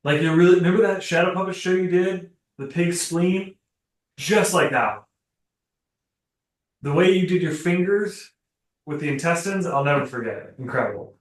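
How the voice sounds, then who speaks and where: A man's voice: high-pitched, moderate pace. A man playing a tabletop game, talking through plans with dry jokes. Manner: wry, joking, talks plans through. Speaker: tabletop player. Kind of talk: casual tabletop chat. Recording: echoey room, distant mic.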